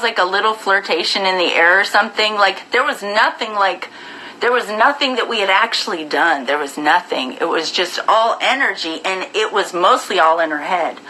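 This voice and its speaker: A woman live-streaming, telling her viewers a story in a blunt, profane, animated way. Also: medium pitch, a little hiss or hum, poor audio.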